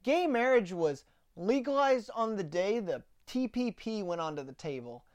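A woman's voice: mid-range voice, expressive, moderate pace, darkish tone. A woman hosting a political podcast, ranting in opinionated commentary and often stumbling over repeated words as she starts sentences. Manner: ranting, mocks opponents in sarcastic put-on quotes. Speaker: podcast host.

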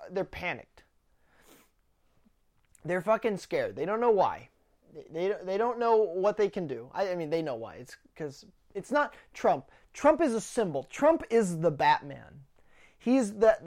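Woman podcaster ranting hard, swears a lot, kinda low voice, keeps restarting words. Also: darkish tone. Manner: profane, heated, stumbles and repeats words. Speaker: podcast host. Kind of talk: ranting political commentary.

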